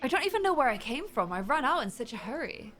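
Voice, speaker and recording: A young woman streamer giving animated, chatty let's play commentary. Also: high voice, fast. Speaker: gaming streamer. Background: faint game music.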